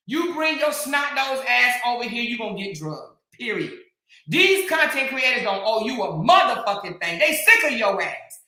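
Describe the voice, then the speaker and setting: A woman hosting a commentary channel, scolding and taunting in a heated rant with drawn-out emphasis and bursts of shouting. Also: fairly high pitch, very animated. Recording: very echoey room.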